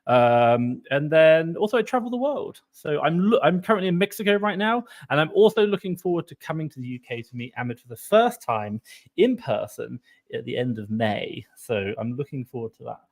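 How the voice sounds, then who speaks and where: A man co-hosting a casual live stream over a video call, chatty and upbeat with quick asides. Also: a little high, big pitch swings.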